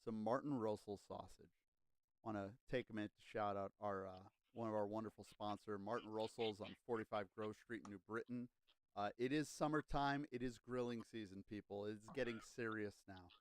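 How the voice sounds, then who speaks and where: A man with a smooth, lower voice talks up sponsors and outings in a casual sports chat. He sounds upbeat and quick to laugh, recorded dry and close. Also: steady tone, no echo. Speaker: podcast co-host reading sponsor spots.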